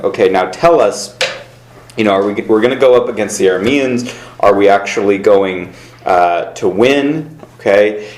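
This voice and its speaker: A man's voice: on the low side, slight background noise. A man teaching a casual Bible class, talking with many fillers and reading verses aloud to his students. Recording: echoey room.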